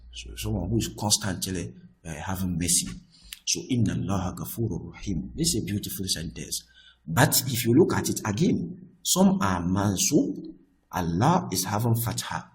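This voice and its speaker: Low-voiced man teaching grammar patiently. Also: rough recording. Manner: repetitive, patient explaining with frequent restarts. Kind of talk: explaining a grammar text.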